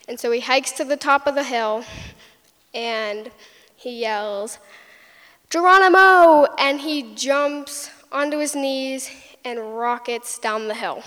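A young woman telling a personal story, retelling it vividly with little sound effects. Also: a little high. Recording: long hall reverb.

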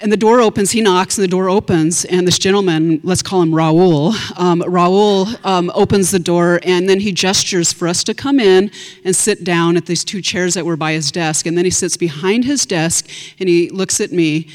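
A woman telling a personal story on stage to an audience, chatty and animated, with asides to the listeners. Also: fairly low pitch, moderate pace. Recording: long hall reverb.

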